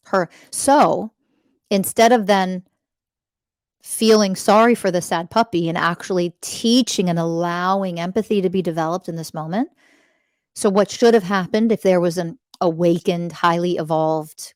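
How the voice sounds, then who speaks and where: A woman podcast host gives a spiritual self-help monologue. Her voice sits low and sounds dry and close. She talks with intense emphasis and swears freely. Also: no room sound.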